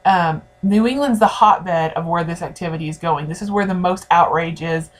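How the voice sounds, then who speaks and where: Here a U.S. woman gives a history lesson to her class, addressing the students directly in a conversational way. Her voice is on the low side and she talks at a normal speed, captured as a classroom lecture recording.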